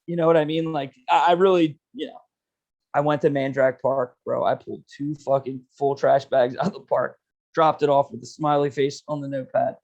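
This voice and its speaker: A man's voice: medium pitch, steady tone, a little mellow, lo-fi sound. A young man joking crudely and telling stories in a casual podcast chat. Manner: joking, crude, quick interjections. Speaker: podcast co-host.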